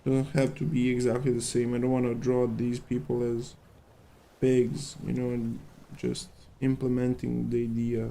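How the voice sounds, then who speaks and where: A man's voice: mid-range voice, creaky, warm tone. A man with a worn-out voice, rambling and thinking aloud in casual chat while sketching on a live stream. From Serbia.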